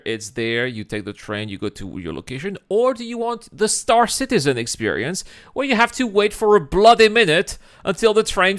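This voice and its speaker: A man talks back at a video he is watching, his pitch swinging widely as he goes. He laughs often and argues in disbelief, in an easygoing, unscripted reaction stream. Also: a bit bright. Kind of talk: casual reaction commentary.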